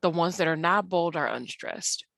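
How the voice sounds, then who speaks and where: A woman's voice: on the low side, normal speed, creaky, a bit bright, dry recording. A woman teacher patiently explaining slides in an online tutorial, with frequent ums and uhs. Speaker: English teacher.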